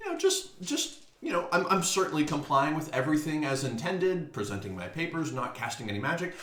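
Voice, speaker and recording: A man's voice: fairly high pitch, big pitch swings, brisk, a bit bright. A man playing a tabletop game, thinking aloud about his character's plans. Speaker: player. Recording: echoey room.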